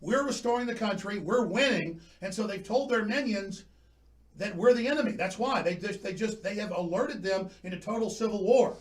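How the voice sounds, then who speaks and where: A man's voice: high voice, moderate pace. A man hosting a talk radio show, impassioned and emphatic, often restarting his sentences.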